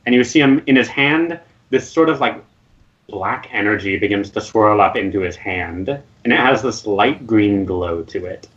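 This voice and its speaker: A man narrating as game master of a tabletop game in a relaxed, loose way. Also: fairly low pitch, moderate pace, highs cut off.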